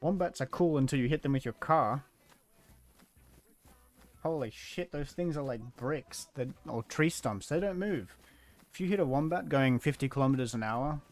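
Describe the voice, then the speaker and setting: A man with an Australian accent, chatting casually and rambling while he streams a game. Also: medium pitch. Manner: rambling, chatty, easily amused; uses Aussie slang. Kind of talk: casual chat while gaming.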